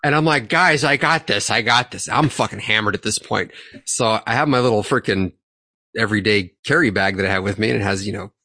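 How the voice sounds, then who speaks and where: A man's voice: fairly low pitch, quick pace, pushed and bright, no room sound, studio quality. Profane man telling a story. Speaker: podcast co-host. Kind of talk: casual storytelling among friends.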